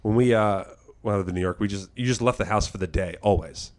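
Fast-talking man, animated podcast co-host. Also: lowish voice. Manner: animated storyteller, acts out quotes, swears freely. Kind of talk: casual chat.

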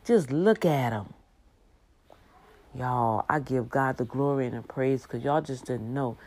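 A woman in her fifties with an animated, exclamatory, preachy manner, talking casually about her faith to her viewers. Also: very deep voice, measured pace. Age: 50s. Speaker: faith vlogger.

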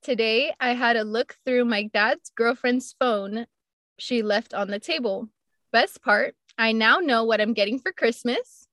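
A young woman co-hosting a podcast, chatting casually and reading stories aloud, giggly, excitable and swearing freely. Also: a little high, a little slow, no echo. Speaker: podcast co-host.

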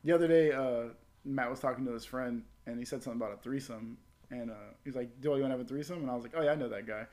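A man's voice: medium pitch, very fast, a little mellow. A young man in casual podcast banter, telling crude jokes and acting out quoted exchanges. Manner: crude, joking storyteller, acts out quoted exchanges.

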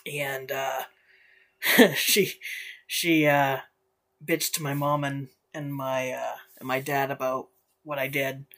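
A woman's voice: a bass voice, flat delivery, slow pace, pauses often, a bit bright. A young woman hosting a casual solo podcast, ranting bluntly with lots of swearing and frequent laughter. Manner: profane, blunt, laughs often. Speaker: podcast host.

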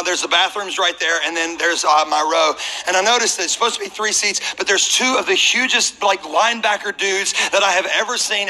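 A man preaching as a pastor, telling a personal story in a humorous, animated way. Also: high voice, a little hiss or hum, low-quality recording.

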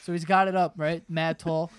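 A man's voice: fairly high pitch, flat delivery, moderate pace, crowd noise. A young man hosting a podcast, casually telling stories among friends. He laughs as he talks, swears freely and acts out other people's lines. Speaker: podcast host.

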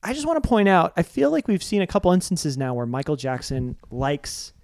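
A man's voice: a little high, very animated, brisk, creaky, a little mellow, no room sound. A man co-hosting a podcast in casual chat, bantering, laughing often and trying out silly voices. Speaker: podcast co-host.

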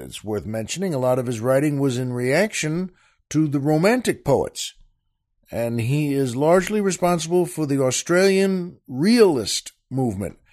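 An older man hosting a podcast, telling a long joke in a rambling, halting way with many restarts. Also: mid-range voice, a little mellow. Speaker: podcast host.

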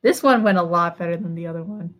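A woman's voice: on the low side, fast. A young adult woman hosting a podcast, telling a personal story in casual, rambling chat with lots of "like.". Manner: rambling, heavy use of "like". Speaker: podcast host.

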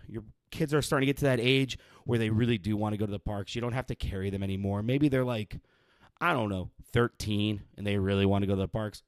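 A young adult man vlogs a profane, rambling rant in a casual monologue, exasperated and sweary. His voice is fairly low, on a dry recording.

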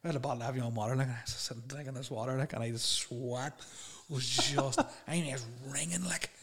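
A man telling a rambling, animated story in casual chat, laughing and swearing as he goes. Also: medium pitch, fast talker, slightly rough. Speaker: podcast guest telling stories.

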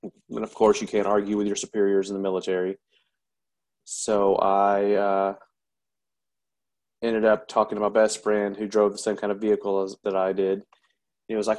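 A man, a military veteran, telling a painful personal story in an interview, halting and candid with many pauses and restarts. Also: on the low side, completely flat delivery, a little mellow.

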